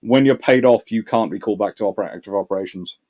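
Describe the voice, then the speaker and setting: Answering viewers' questions live, a naval history channel host speaks fast in a lowish, darkish voice. He works things out aloud, with restarts and repeated words.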